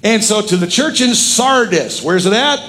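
A middle-aged man preaching a sermon as pastor, animated and emphatic with frequent jokes. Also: high-pitched, normal speed.

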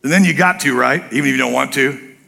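A male pastor preaching a sermon in church, blunt and joking, an animated storyteller who acts out other people's voices. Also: mid-range voice, fast talker, vocal fry.

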